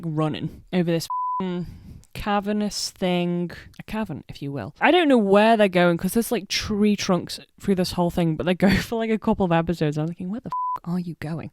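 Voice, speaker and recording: A young woman recapping an anime in a casual, animated way, swearing freely and poking fun at herself. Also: fairly low pitch, dry recording, studio quality. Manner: animated, sweary, self-deprecating. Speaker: anime reaction vlogger.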